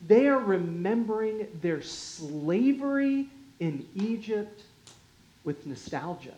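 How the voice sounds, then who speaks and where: Slow measured pastor giving a sermon, goes quiet at phrase ends, echoey room. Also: mid-range voice, big pitch swings. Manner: measured, unhurried delivery with quiet drops in volume and light chuckles. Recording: roomy echo.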